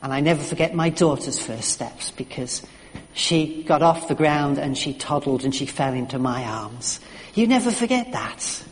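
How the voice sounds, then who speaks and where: A man's voice: on the high side, lively intonation, moderate pace, big-room sound. A middle-aged man preaching a sermon in an earnest, story-telling way, with frequent restarts and fillers.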